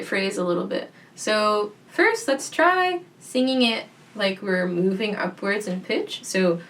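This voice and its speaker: A young woman leads a gentle voice practice in a soft, calm, reassuring voice. She speaks slowly, and her pitch rises and falls a lot. She sounds set back from the mic, with a faint hum in the room. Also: far from the mic. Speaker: voice teacher.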